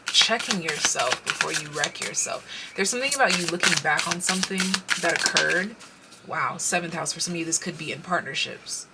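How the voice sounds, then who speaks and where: A woman giving a casual pick-a-card tarot reading. She speaks straight to the viewer, gets excited, and interrupts herself as she pulls cards. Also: on the low side, a little fast, very noisy.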